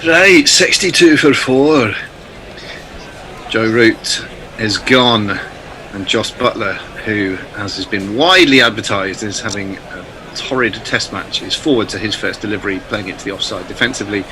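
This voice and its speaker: Brief: man, live cricket commentator, vivid bright voice, energetic on the action and easygoing between deliveries. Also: fairly low pitch, moderate pace, a little hiss or hum, poor audio. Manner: lively calls of the play, then relaxed chat.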